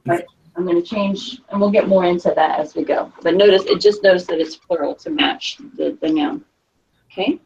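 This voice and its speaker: In a distant, dull, lo-fi classroom recording with slight background noise, a woman teaches Spanish. Her voice is fairly low and darkish, at normal speed, as she explains in a chatty way and often asks "okay?"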